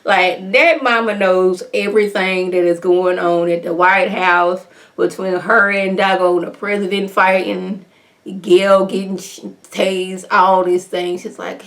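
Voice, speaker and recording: A woman giving a casual, animated, exclamatory retelling of a TV episode as a recap vlogger. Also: lowish voice, unhurried.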